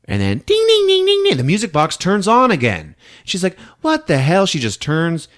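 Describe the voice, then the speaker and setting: A man's voice: high voice, normal speed. A man hosting a podcast, casually retelling a film plot with lots of laughter and acted-out bits. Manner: animated, laughing often, acting out scenes. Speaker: podcast host. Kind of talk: casual movie recap.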